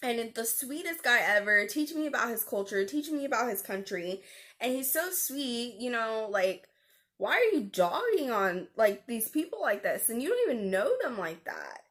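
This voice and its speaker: Young woman, vlog rant, animated and indignant, lots of fillers, bright tone. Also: on the high side, moderate pace. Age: young adult. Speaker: vlogger; call center agent recounting a customer call. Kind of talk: storytelling vlog.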